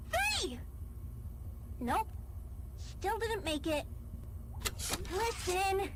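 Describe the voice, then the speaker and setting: A woman's voice: very high voice, exaggerated voice. A woman voicing a bouncy young female rabbit who drills and counts like a pushy coach. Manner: drilling, counting, shouting commands. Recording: loud background noise.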